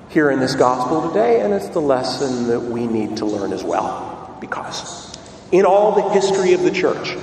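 In a church, a man with a slightly high, darkish voice preaches a sermon, telling the story dramatically and posing rhetorical questions. The recording sounds like an echoey hall picked up by a distant mic, with faint ambience and slight background noise.

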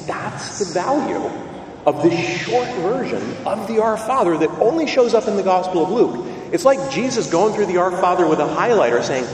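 Preacher, man, slightly high voice, emphatic and questioning, recorded far off in a reverberant church. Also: normal speed, a little hiss or hum. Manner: animated, questioning, emphatic repetition. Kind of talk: sermon.

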